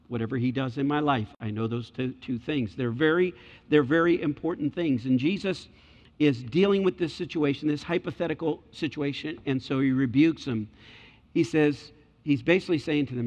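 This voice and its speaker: Preacher guy giving a sermon, kinda high voice, long echo, muffled sound. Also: moderate pace. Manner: animated, rises to excited high pitch when dramatizing. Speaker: pastor. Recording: dull sound with long hall reverb.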